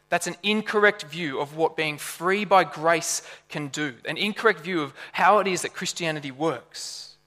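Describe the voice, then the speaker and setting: Animated preacher man. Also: fairly high pitch, normal speed, hardly any pauses, big-room sound. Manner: animated, conversational, with rhetorical questions. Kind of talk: sermon.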